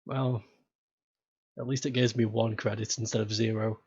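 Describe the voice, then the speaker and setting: A man's voice: on the low side, flat delivery, normal speed, darkish tone, breathy edge, highs cut off. A man giving loose, profane live commentary while playing a video game, often laughing and talking back to the game. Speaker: game streamer.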